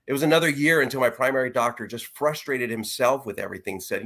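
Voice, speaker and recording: Middle-aged male guest, earnest and reflective, mid-pitched voice, stops and restarts as he tells his story. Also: sing-song, fairly quick, a bit bright. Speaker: interview guest. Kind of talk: personal story in a conversation.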